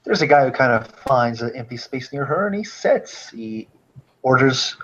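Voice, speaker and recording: A man's voice: mid-range voice, very animated, moderate pace, gravelly, fairly bright tone. A man narrating and voicing his character in a tabletop role-play session, in a casual, offhand way. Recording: dull lo-fi recording with faint noise.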